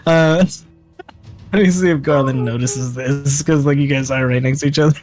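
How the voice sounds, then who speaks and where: A man's voice: mid-range voice, fairly even intonation, normal speed, darkish tone, soft background music. A young man narrating as game master of a tabletop game, laughing often between filler words.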